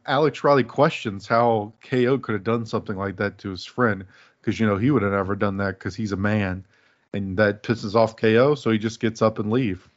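A man's voice: mid-range voice, muffled recording. A man casually chatting as a podcast co-host, rambling with frequent laughs and fillers. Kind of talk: casual chat reviewing wrestling.

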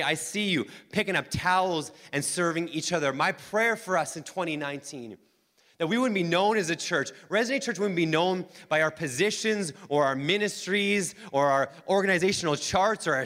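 A man's voice: a little high, fairly bright tone. A male pastor preaching a sermon in a church, emphatic and repetitive, returning to the same phrases again and again. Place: church sanctuary. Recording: long hall reverb with band music.

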